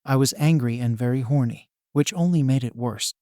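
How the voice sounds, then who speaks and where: A man reads a first-person story aloud at an ordinary middle pitch. His delivery is steady and even, recorded close on the mic with a completely dry sound. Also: normal speed, no echo. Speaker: narrator.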